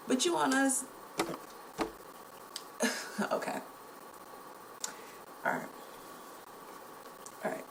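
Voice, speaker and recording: A woman's voice: high-pitched, lively intonation, drawn-out words, gravelly, pauses often, background noise. A young woman, talking straight to her viewers in a casual, impassioned and indignant way. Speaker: vlogger. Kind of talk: casual commentary to camera.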